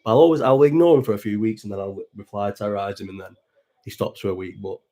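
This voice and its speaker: A man's voice: fairly low pitch, steady tone, fast talker, dark tone. A man in his thirties from Bolton with a Bolton accent, chatting casually and rambling on a watch-along stream, swearing freely and answering the chat. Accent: Bolton, Northern English. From Bolton, England. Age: 30s. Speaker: livestream host.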